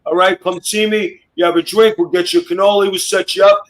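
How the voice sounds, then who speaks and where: A brash man with a fairly high voice barks profane, mock-mobster jokes at a co-host. He roasts and tells war stories with loud comic swagger on a podcast. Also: steady tone, fairly quick, rough recording. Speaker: guest wrestler. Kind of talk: loud comedic roasting, storytelling. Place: podcast studio.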